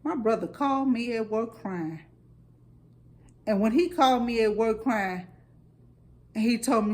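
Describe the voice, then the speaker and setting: A middle-aged St. woman with a high, bright voice tells family stories in a loose, chatty way. She acts out the quotes in animated turns. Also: unhurried, long pauses. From St. Louis, USA. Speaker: storyteller. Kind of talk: casual storytelling.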